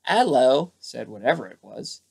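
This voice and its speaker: A male storybook narrator reads a bedtime story aloud, lively and giving each character its own voice. He speaks at normal speed with a mid-range voice.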